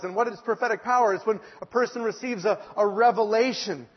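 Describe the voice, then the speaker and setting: A male preacher giving an earnest sermon, slowing down and pressing hard when he quotes scripture. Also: high voice, husky. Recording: dull lo-fi sound in a reverberant hall.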